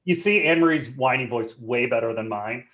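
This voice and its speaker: A man presenting a live webinar in a joking, conversational and animated way. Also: mid-range voice, normal speed.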